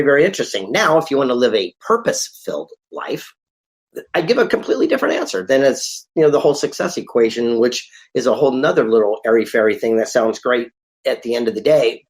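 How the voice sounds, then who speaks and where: A man speaking as a guest on a podcast, with an ordinary mid-range voice. He tells his stories briskly and animatedly, and he slips into the voices of the people in them. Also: medium pitch. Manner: lively anecdotal, acts out dialogue. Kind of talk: conversational storytelling.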